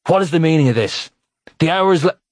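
A man voicing a furious father who speaks in an angry, gruff way in an audiobook. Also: fairly low pitch, moderate pace, dry recording, studio quality. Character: furious fairy father, fierce grown man.

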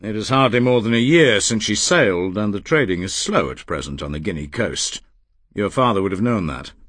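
A man voicing an older businessman who speaks in a measured, quietly kind way, in audiobook character reading. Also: fairly low pitch, animated, dry recording. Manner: measured, gentle.

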